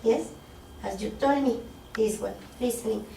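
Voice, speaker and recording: Heard from a distance in an echoey classroom with faint noise, a woman leads an interactive workshop, quizzing the group and checking in with "okay?" and "yes?". Her fairly high voice is unhurried and dark-toned, with vocal fry, picked up by a distant room mic.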